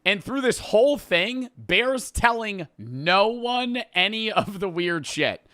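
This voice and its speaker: Man, casual rambling movie recap, profane storyteller; forceful, crisp, fairly high voice. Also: big pitch swings, slow, no room sound, clean studio sound. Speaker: podcast host.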